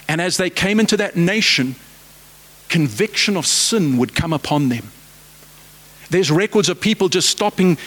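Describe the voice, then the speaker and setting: A man's voice: fairly high pitch, a bit bright. A man preaching a sermon, fervent and exhorting, with repeated rhetorical questions.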